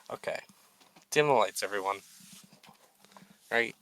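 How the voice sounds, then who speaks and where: Bright-voiced man giving mock-epic speeches. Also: mid-range voice, creaky, rough recording. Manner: mock-grandiose speeches, swearing, laughing at himself. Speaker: podcast co-host. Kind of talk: casual unedited chat.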